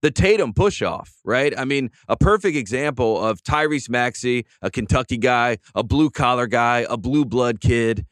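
A man's voice: medium pitch, lively intonation, normal speed, hardly any pauses, fairly bright tone, no echo. A male podcast host talks in a fired-up, emphatic rant. His voice sits in a middle range and comes across dry, with no room sound. The tone is casual sports chat.

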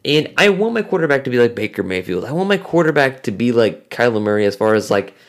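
Animated male sports podcast co-host. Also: mid-range voice, fast. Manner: animated, many fillers. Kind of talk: casual sports chat.

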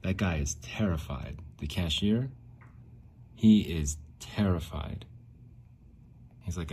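Man, extremely low voice, warm dark tone, casual rambling talk, repeats himself. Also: takes it slowly, pauses often, slight background noise. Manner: rambling, repeats himself, frequent likes and restarts. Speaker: podcast host. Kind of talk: casual monologue.

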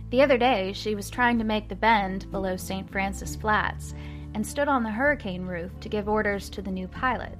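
A woman's voice: medium pitch, normal speed. A woman hosts a history podcast in a casual storytelling way. She reads old newspaper quotes and adds chatty, wry asides with the odd um. Music plays behind her voice. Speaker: podcast host.

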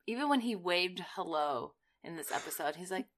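A young woman guest on a podcast in casual chat, animated and fond of mimicking people, with an early-morning voice. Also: lowish voice, moderate pace.

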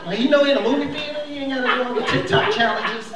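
On a comedy club stage, a young man performs a fast, animated stand-up set, acting out characters with big jumps in pitch. The echoey club audio comes from a distant mic, with the crowd laughing throughout.

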